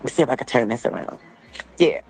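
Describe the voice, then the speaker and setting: A woman's voice: a bass voice, a little hiss or hum, low-quality recording. Upset woman venting into her phone. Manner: upset, talking fast with sharp questions. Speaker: vlogger. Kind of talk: filming herself in a casual rant. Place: airport.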